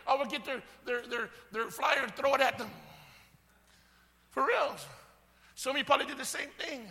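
A middle-aged male pastor preaching a sermon with animated delivery, repeating words and shouting at the high points. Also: gravelly. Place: church sanctuary. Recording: long hall reverb.

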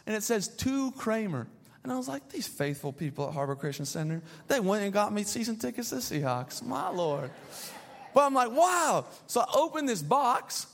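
A young adult man preaching a sermon as pastor, telling a story with animated, playful asides. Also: extremely high pitch. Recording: long hall reverb.

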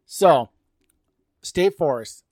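A podcast co-host talks casually about hunting rules, going through them point by point and often restarting. His voice is a little high, animated and a little mellow, and he speaks very slowly. The recording is studio quality with no echo.

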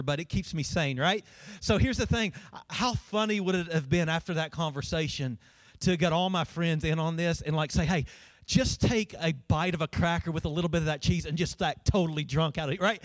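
Man, pastor, playful sermon storyteller, high voice, dry close sound. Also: no room sound. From Kentucky. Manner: storytelling, playful, calls out to the congregation.

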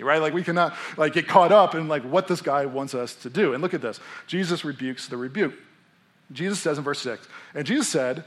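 A man's voice: on the high side, fast talker. A young adult man, a pastor preaching a sermon in a casual, conversational way, acting out the people in his story. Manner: animated, conversational, acts out characters.

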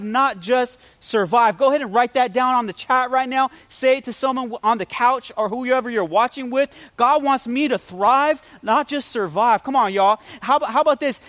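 A man pastor preaching a livestreamed sermon, telling a funny story with energy and calling out to his listeners. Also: very high-pitched. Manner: energetic storytelling with humor and call-outs to the audience.

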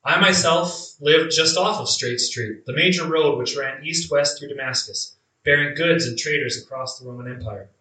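A man's voice: on the high side, bright, forceful tone. A man playing Ananias, a devout chained prisoner, in an echoey room. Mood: reflective. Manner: earnest, reflective, with drawn-out emphatic phrases. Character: male early believer, imprisoned, beaten, blinded, devout. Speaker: actor in a first-person monologue. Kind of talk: dramatic monologue. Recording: echoey room, mic at a distance.

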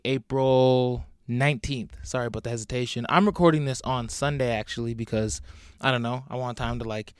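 Young dude hosting his podcast solo, swears a lot, jokes around, clean smooth voice right on the mic. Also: mid-range voice, no room sound, studio quality. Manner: rambling, profane, joking. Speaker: podcast host. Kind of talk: casual solo podcast rant. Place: home.

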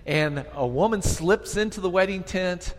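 A preacher with a fairly high voice tells the story in an animated, conversational way, often slipping into the voices of the people he describes. His voice carries a long reverb from a large hall. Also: moderate pace. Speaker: pastor. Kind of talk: sermon storytelling.

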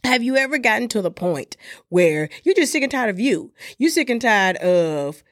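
A woman's voice: on the high side, very animated, normal speed, dry recording. A woman hosting her own podcast in a home studio, talking casually and calling her listeners honey and y'all. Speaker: podcast host. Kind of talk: casual solo podcast talk. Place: garage turned into a home studio.

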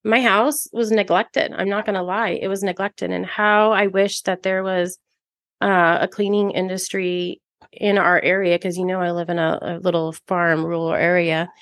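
A woman's voice: lowish voice, level tone, moderate pace, a bit bright, no echo, clean studio sound. A woman co-hosting a casual podcast, speaking in an earnest, heartfelt and chatty way. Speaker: podcast co-host.

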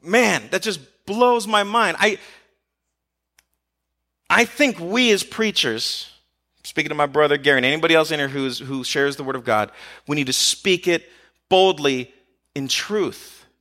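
Male preacher, lively and casual, high bright tone, acts out quotes. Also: a little slow, pauses often. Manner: animated, acts out quotes, rhetorical questions. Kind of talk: conversational sermon.

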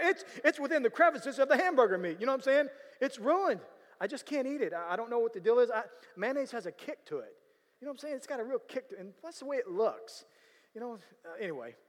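A high-voiced man tells a story in the manner of a sermon. He is animated and breaks into sudden loud bursts for emphasis, often asking whether listeners follow him. His voice carries a long hall reverb. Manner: animated, bursts of loud emphasis, repeats "you know what I'm saying".

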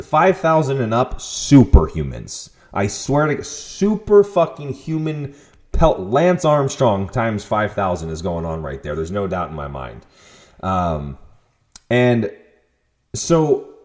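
A young man hosting a podcast, telling a story in a casual, profane monologue with sudden loud outbursts. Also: medium pitch. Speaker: podcast host.

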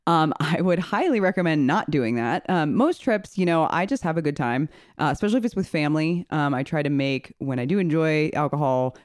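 A woman's voice: low voice, expressive, brisk, hardly any pauses, a little mellow, no echo, studio quality. A woman co-hosting a podcast in casual, chatty talk with many fillers. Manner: chatty, filler-heavy, laughs easily. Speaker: podcast co-host.

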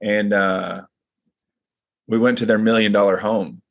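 A man's voice: on the low side, steady tone, unhurried, gravelly. A man who leads a men's group, talking in casual chat and telling personal stories in an earnest, reflective way.

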